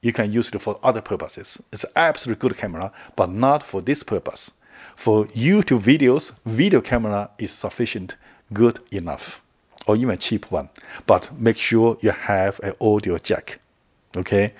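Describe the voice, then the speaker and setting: A man's voice: fairly low pitch, animated, normal speed, husky. A middle-aged man chatting casually to camera as a video creator, rambling, repeating words and chuckling often.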